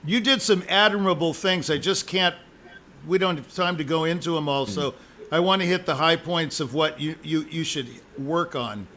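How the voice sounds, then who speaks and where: A man's voice: fairly high pitch, moderate pace, pushed and bright, a little hiss or hum. A man giving a musician live spoken feedback as an audition judge, emphatic and jokey, repeating his points.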